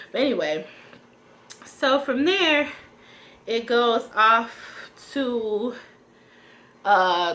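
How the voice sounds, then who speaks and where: A woman's voice: on the low side, pushed and bright, a little hiss or hum. A woman chatting casually to her viewers while recapping a TV episode, with frequent fillers and asides. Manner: chatty, addresses viewers as y'all, many fillers. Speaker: TV recap vlogger.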